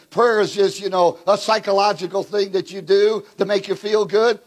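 A man preaching a fiery revival sermon at a conference, calling out to the crowd and shouting at his peaks. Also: high voice, moderate pace. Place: conference hall.

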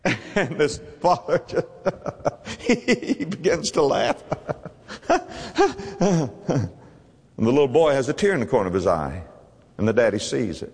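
A man preaching a sermon with impassioned, pleading delivery that swings from loud to hushed. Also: medium pitch, expressive, normal speed, breathy edge, big-room sound.

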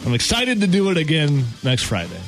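A man's voice: a little high, a little fast, soft background music. A man hosting a radio show, telling a funny story in casual chat and laughing as he goes. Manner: animated, laughing anecdote teller.

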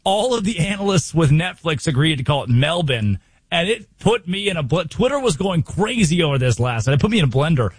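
A man's voice: a little high, big pitch swings, fairly quick, husky, dry recording. A young American man hosting a sports talk show, emphatic and full of rhetorical questions. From United States. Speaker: sports radio host.

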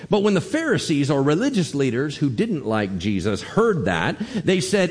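A man preaching a sermon as pastor, emphatic and animated, swinging his voice up and down for emphasis. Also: a little high, moderate pace, few pauses, husky. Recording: long reverb of a church hall.

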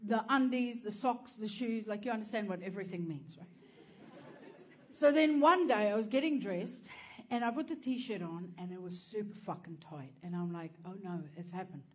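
A woman's voice: medium pitch, animated, moderate pace. A woman telling a brash, profane stand-up story and laughing through her punchlines. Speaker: comedian.

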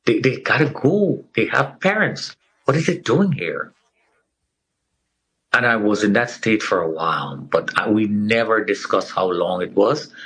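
Husky, low-voiced middle-aged man testifying. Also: animated, measured pace, fairly bright tone, rough recording. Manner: earnest, acts out quoted people. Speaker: guest sharing his survival story. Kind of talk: emotional personal testimony.

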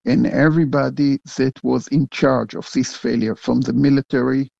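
An older man, a retired general answering interview questions in a halting way, full of fillers and restarts. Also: medium pitch, fairly even intonation, creaky, a little mellow, no room sound, dull audio. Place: home in a big city.

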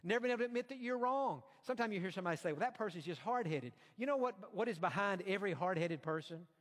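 A man preaching a sermon, emphatic, rising to loud peaks when he quotes proud speech. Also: high-pitched, animated, fast, long reverb tail.

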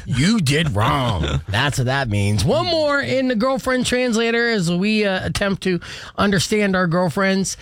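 A man's voice: high-pitched, big pitch swings, moderate pace, fairly bright tone, smooth, dry recording, clean studio sound. A man hosting a radio show, quizzing his co-hosts in a playful, laughing way. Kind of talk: casual radio banter, quiz game.

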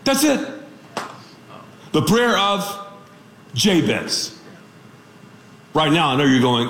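A man preaching a radio sermon as a pastor, telling stories in an animated, joking way. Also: a little high, takes it slowly, pauses often, reverberant, slight background noise.

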